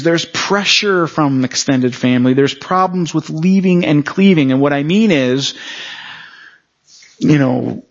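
Higher-voiced man preaching, lo-fi sound. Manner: frequent rhetorical check-ins with the audience. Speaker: pastor. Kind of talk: conversational sermon. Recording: dull lo-fi recording.

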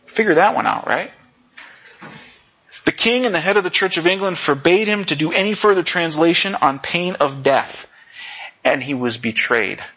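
A male pastor preaching a conversational sermon, often saying "you know" and jumping up in pitch for emphasis. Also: bright, forceful tone, husky. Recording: lo-fi dull sound.

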